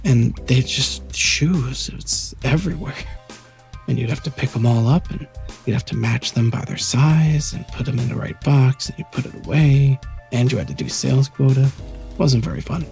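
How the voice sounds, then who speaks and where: Guy rambling through a story on a late night podcast, kinda gravelly, faint music behind. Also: mid-range voice, moderate pace. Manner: rambling, animated storyteller with restarts. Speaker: podcast co-host. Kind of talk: casual storytelling chat.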